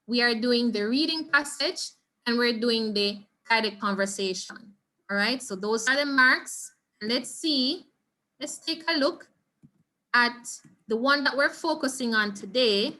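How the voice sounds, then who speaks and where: A Jamaican woman leads an online revision lesson over a video call. Her voice sits high and sounds bright and clear. She explains step by step and keeps checking that her students follow. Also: unhurried. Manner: patient, instructive, checks in with "all right?". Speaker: Spanish teacher.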